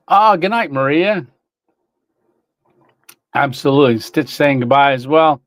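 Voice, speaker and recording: A man's voice: mid-range voice, no room sound. A man hosting a casual livestream, reading chat, greeting viewers by name and laughing often.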